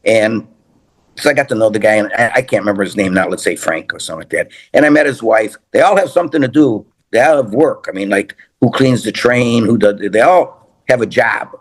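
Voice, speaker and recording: A man's voice: lowish voice, animated, a little fast. Older man telling rambling stories. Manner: rambling storyteller, repeats phrases, many restarts. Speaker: guest, TV personality. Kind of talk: casual chat, rambling anecdotes.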